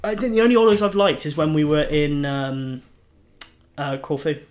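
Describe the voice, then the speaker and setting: Laughing, teasing podcast host. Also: male voice, a little high, expressive, normal speed, a little mellow. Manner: teasing, laughs often, stumbles over words. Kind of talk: casual podcast banter.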